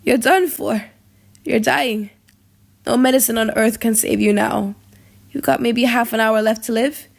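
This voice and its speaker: A woman's voice: a little high, measured pace, gravelly. A woman reading the lines of a vengeful young nobleman in an audiobook drama, urgent and confessing. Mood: grim.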